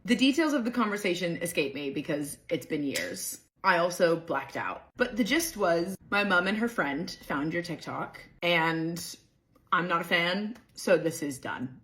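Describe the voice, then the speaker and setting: A woman's voice: lowish voice, lively intonation, a little slow, fairly bright tone, low-quality recording. A woman telling a storytime into her phone, wry and self-deprecating as she reflects. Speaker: storytime creator. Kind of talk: casual storytime narration. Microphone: phone camera.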